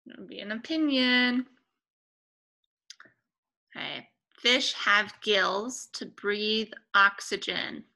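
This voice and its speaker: A young woman teaching a remote lesson to young children, speaking patiently and clearly with pauses between words. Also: mid-range voice, lively intonation, bright, forceful tone, poor audio.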